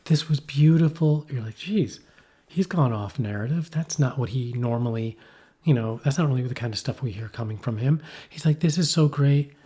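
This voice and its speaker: A man co-hosting a casual podcast, rambling through an animated story with playful asides. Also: medium pitch, moderate pace, husky. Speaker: podcast co-host. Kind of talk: casual conversational podcast chat. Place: poorly heated shack.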